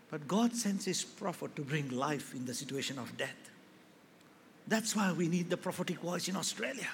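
High bright-voiced man preaching in a hall. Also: lively intonation, normal speed, creaky, a little hiss or hum. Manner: rises to loud impassioned preaching, acts out quoted voices. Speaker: pastor. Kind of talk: sermon. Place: large church hall. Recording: echoey hall with faint ambience.

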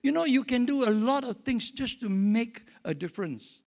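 A man's voice: extremely high pitch, lively intonation, normal speed, gravelly, darkish tone. A man preaching a sermon as pastor, jovial and telling stories with acted-out dialogue.

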